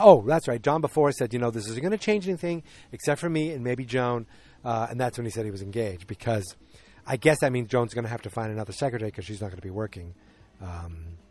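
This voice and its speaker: A man's voice: mid-range voice, a little mellow. Chatty man recapping, acting out lines. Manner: chatty, acts out character lines with shifting voices. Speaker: podcast host. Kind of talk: solo casual recap podcast.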